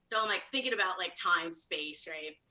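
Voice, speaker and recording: A woman comedian from Chicago telling a story at a fast, high-energy clip, acting out the quoted lines. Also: pushed and bright, poor audio. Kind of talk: live storytelling monologue.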